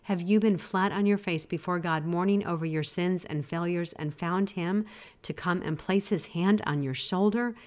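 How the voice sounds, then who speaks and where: A woman hosting a devotional podcast, teaching in an earnest, gently exhorting way. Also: fairly low pitch, moderate pace. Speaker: podcast host.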